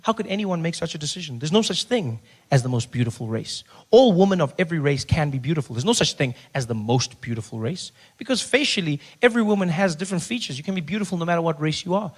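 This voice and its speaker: Male stand-up, higher voice, animated storyteller, stage mic. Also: quick pace, hardly any pauses. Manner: animated, mock-indignant storytelling. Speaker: stand-up comedian. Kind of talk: stand-up comedy set. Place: comedy stage before live audience.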